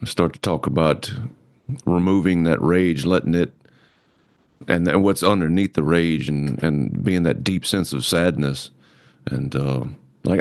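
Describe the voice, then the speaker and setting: A man with a notably low, deep voice hosts a casual podcast conversation. He talks candidly, swearing now and then, about personal pain. The sound is dry and close. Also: darkish tone, dry recording. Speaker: podcast host.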